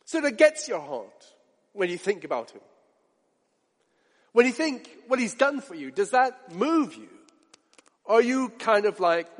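A man preaching a sermon with passion, asking his listeners direct questions and swinging from loud to hushed. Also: high-pitched, sing-song, unhurried, pauses often, long reverb tail.

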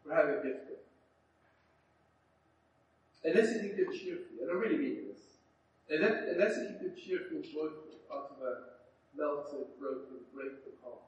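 A man preaching a sermon in a church, dramatic and swinging between loud appeals and hushed lines. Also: a little high, lively intonation, moderate pace, long pauses, highs cut off, a little hiss or hum. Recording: very echoey church heard from a distance.

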